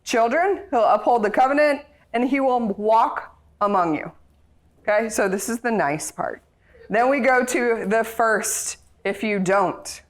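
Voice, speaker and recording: A woman runs a group Bible study in a relaxed, chatty way. Her voice sits a little high, and she keeps the tone playful, often breaking into laughter. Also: measured pace.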